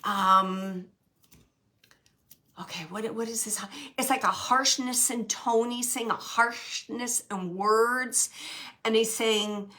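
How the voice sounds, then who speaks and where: A woman giving a live mediumship reading, halting and searching, with many fillers as she relays messages. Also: on the high side, fairly even intonation, pushed and bright. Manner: relays spirit messages to the sitters.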